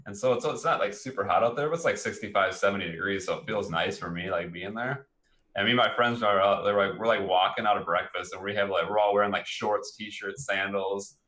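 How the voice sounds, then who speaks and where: A man with a low-set but bright, forceful voice, co-hosting a casual comedy podcast. He tells stories in a loose, rambling way, full of "like" and "uh". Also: a little fast, roomy sound. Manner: rambling storyteller, filler-heavy. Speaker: podcast co-host.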